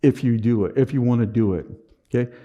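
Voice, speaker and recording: Guy doing a motivational conference talk, dry sarcastic humor, mellow warm voice, trips over his first words a lot. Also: medium pitch, quick pace, lo-fi sound. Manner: energetic, repeats words when starting sentences. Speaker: conference speaker. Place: conference stage.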